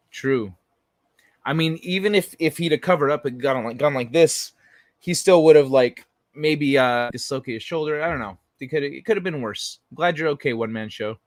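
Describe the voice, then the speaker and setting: Reading out viewer messages on a late-night livestream, this young adult host chats in a loose, profane way, rambling and restarting often. He speaks at medium pitch on a dry recording.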